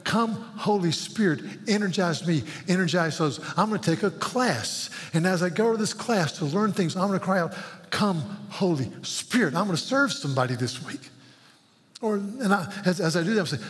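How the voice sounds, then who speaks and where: A man's voice: high-pitched, lively intonation, normal speed. A man preaching a sermon as pastor, earnest and pleading, often repeating words as he builds. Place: church sanctuary. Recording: long hall reverb.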